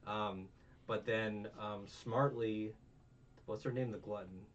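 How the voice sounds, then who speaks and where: Over a faintly humming, muffled microphone set at a distance, a young podcast host chats loosely about anime, swearing, wandering off topic, and retelling scenes. He speaks slowly in a fairly low, steady voice.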